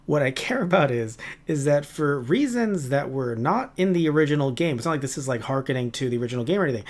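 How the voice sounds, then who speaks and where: Animated chatty man reviewing a cartoon. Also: a little high. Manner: animated, rambling, quick asides and playful impressions. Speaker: podcast co-host. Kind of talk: casual chat.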